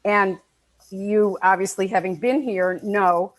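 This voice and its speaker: A woman's voice: mid-range voice, fairly even intonation, slow. Woman interviewer from Buffalo. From Buffalo, New York. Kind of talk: casual interview.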